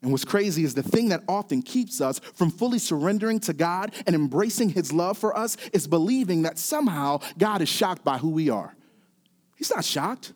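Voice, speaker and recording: A man preaching a sermon, often dropping quiet and then building to emphatic, repeated calls. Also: high-pitched, expressive, moderate pace. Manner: swings from quiet to rising, emphatic repetition. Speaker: pastor.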